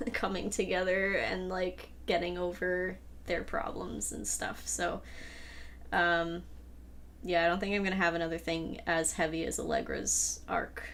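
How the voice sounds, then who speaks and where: A woman's voice: fairly low pitch, fairly even intonation, unhurried, a bit bright. Woman host, casual livestream chat, rambling and upbeat, a faint hiss behind her. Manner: chatty, rambling with fillers and laughs. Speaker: host and creator of the audio drama.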